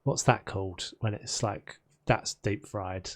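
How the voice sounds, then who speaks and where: Chatty man, lowish voice. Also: slow pace. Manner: rambling, chatty, talks while building in game. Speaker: game streamer. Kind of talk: casual chat while playing.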